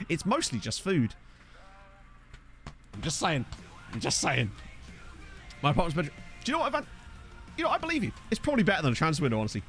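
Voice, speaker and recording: Animated male streamer, fairly high voice, swings up and down a lot in pitch. Casual, rambling and jokey, he chats into a desk mic with faint music underneath. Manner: rambling, jokey, reads out chat messages. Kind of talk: casual live-stream chat over gameplay. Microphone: desk microphone.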